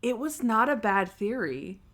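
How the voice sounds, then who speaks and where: A woman's voice: on the high side, big pitch swings, unhurried, a bit bright. A woman co-hosting a podcast in casual chat, animatedly acting out scenes with quoted voices and frequent laughter. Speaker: podcast co-host. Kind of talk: casual chat recapping a TV episode.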